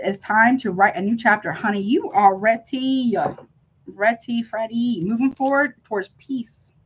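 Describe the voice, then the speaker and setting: A woman's voice: fairly high pitch, slightly rough, lo-fi sound. A middle-aged woman hosting a casual live-stream tarot reading, effusive and chatty, calling her viewers honey and y'all.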